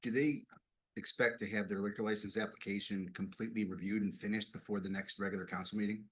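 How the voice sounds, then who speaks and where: A man asking quick procedural questions at a city council meeting. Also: on the low side, flat delivery, fairly bright tone, breathy edge.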